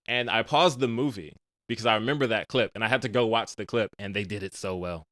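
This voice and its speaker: A young man with a lowish voice tells film scenes at a quick clip, full of slangy asides. He sounds casual and animated on a dry, close podcast mic. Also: no room sound. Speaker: podcast host reviewing movies. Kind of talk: casual chat.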